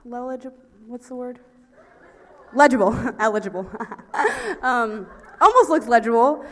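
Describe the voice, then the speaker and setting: A young woman performing a stand-up story, talking in a breathless, excitable way and laughing at her own jokes. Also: fairly high pitch, a little slow. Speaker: stand-up comedian. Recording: reverberant hall.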